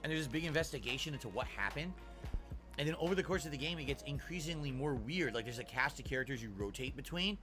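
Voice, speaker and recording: A man's voice: mid-range voice, expressive, fast talker, music in the background. A man streaming as he reacts to his own old clips, chatty and self-mocking. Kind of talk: casual stream commentary.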